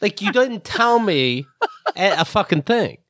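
Higher-voiced man telling blunt stories. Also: sing-song, measured pace, a bit bright, no echo, studio quality. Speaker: podcast co-host. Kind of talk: casual comedic chat.

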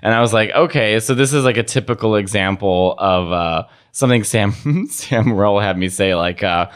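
A man chatting casually, telling animated stories and slipping into impressions. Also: fairly low pitch, normal speed, clean tone. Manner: animated storyteller who slips into voices. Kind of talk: casual chat.

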